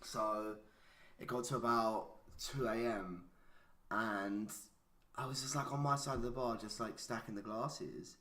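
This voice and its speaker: Young man, bright forceful voice, echoey room, casual storytelling. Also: lowish voice, unhurried. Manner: swearing storyteller, heavy use of "like". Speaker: podcast co-host. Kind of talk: casual chat.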